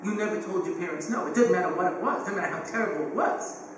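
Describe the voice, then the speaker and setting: A man in his fifties, a rabbi lecturing parents, animated and joking, with quick asides, recorded from a distance in a large hall. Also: high voice. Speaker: rabbi and speaker on education. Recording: echoey hall, distant mic, faint hum.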